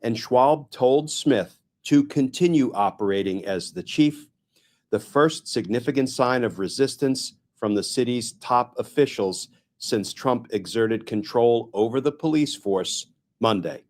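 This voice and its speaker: A man's voice: medium pitch, lively intonation, unhurried, darkish tone. Man reading a news report. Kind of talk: news read.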